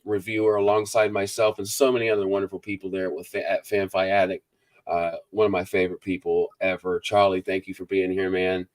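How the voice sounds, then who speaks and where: A man hosting a book review show, chatting casually with a guest and rambling as he greets viewers and reads their comments aloud. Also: fairly low pitch. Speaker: book review channel host. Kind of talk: casual live interview chat.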